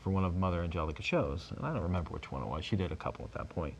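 A man in his fifties, a guest on a talk show, telling a story in a halting way with frequent restarts. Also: sits low, lively intonation, lo-fi sound, slight background noise. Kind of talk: casual storytelling.

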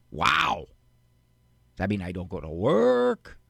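A man hosting a call-in advice radio show, teaching in a deliberate way and firing off rhetorical questions. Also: fairly low pitch, huge pitch swings, vocal fry, a bit bright, slightly rough, no echo, studio quality.

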